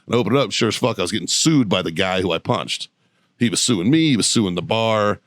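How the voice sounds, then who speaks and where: A man's voice: lowish voice, animated, dry recording, clean studio sound. A man, a podcast guest, telling a story in casual, profane chat and laughing often as he talks. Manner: profane, laughing, rapid anecdotal retelling. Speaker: podcast guest, show producer.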